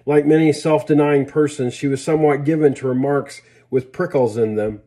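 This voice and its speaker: A man reading a story aloud in a plain, unhurried way with small slips and restarts. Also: a little high, steady tone, mellow. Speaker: reader.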